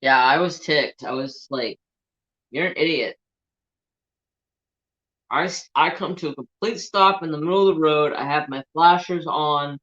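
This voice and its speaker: Man, livestream host, casual storytelling, animated and profane, bright tense voice, dull lo-fi audio. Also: on the high side, moderate pace, few pauses. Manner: animated, profane, rambling anecdote. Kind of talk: casual live-stream storytelling.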